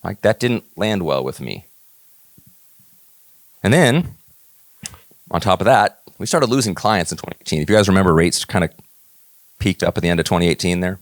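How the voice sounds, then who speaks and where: A man's voice: sits low, expressive, normal speed, pauses often, no room sound. A middle-aged man from Northern California giving a motivational talk, telling stories and acting out the dialogue with rising emphasis. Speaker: keynote speaker.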